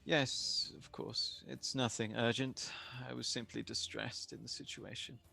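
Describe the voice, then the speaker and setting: A man playing an earnest noble adventurer in a tabletop role-play, speaking formally with a gravelly, fry-edged voice. He keeps his words quiet and measured, with faint music in the background. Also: medium pitch, flat delivery, exaggerated voice. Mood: subdued.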